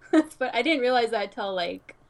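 A woman's voice: a little high, animated, moderate pace, gravelly. A woman co-hosting a casual chat, bubbly, laughing often and saying "like" a lot. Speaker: podcast co-host.

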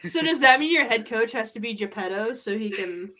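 Woman podcast host, fairly high voice, excitable, laughs often, casual chat. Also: a little fast, slight background noise.

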